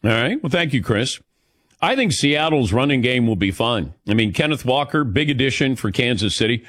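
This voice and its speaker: A man's voice: medium pitch, expressive, moderate pace, fairly bright tone. A middle-aged man hosting a sports talk radio show, chatting casually and joking as he takes callers.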